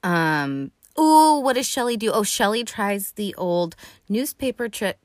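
A woman's voice: mid-range voice, animated, measured pace, no echo, clean studio sound. A young woman hosting a podcast, recapping a movie in casual, rambling chat full of "like", "um" and swearing. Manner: rambling, profane, lots of "like" and "um". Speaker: podcast host.

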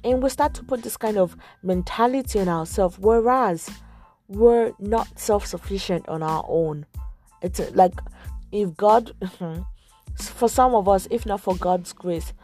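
A woman's voice: mid-range voice, unhurried, a little mellow, soft background music. A young woman talking earnestly and casually about faith, full of filler words as she gives advice. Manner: earnest, conversational, lots of "like" fillers. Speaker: Christian vlogger giving advice. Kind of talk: casual faith talk to camera.

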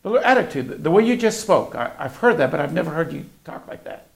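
A man's voice: fairly high pitch, very animated, quick pace, creaky, breathy edge. A middle-aged man preaching a sermon, telling a family story and acting out the voices of his family. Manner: storytelling, acts out family dialogue.

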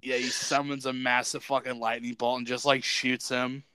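A young adult man co-hosting a podcast, chatting excitedly about a show he loves, swearing freely and leaning on slang. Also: medium pitch, normal speed, a crowd in the background. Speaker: podcast co-host. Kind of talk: casual show review chat.

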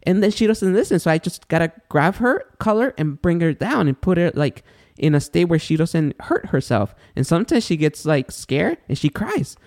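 A man co-hosting a podcast in casual chat, an animated storyteller who acts out the voices of people in his stories. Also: a little high, normal speed. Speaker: podcast co-host.

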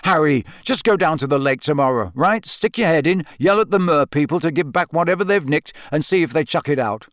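A man voicing a blunt teenage boy who speaks flatly, in a storybook reading. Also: a little high, a little fast, no echo, studio quality, voice pushed up. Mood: glum. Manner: flat, blunt.

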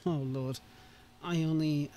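Man, higher-pitched, casual livestream host, hesitant, rambling, laughing. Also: steady tone, takes it slowly, warm tone. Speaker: streamer hosting a modding chat.

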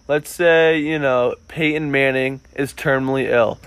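A man's voice: mid-range voice, fairly even intonation, normal speed, a bit bright, clear, resonant tone. A young man co-hosting a comedy podcast, rambling through crude, absurd bits with lots of swearing and filler. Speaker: podcast co-host.

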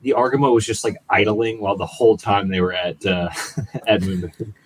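A man guesting on a casual podcast, talking in halting starts with goofy asides. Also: on the low side, fairly even intonation, slight background noise, low-quality recording.

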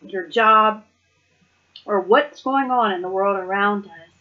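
Woman, casual devotional talk, earnest and reflective, medium pitch, slightly muffled sound. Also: takes it slowly. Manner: earnest, reflective, laughs between points. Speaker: Bible study speaker.

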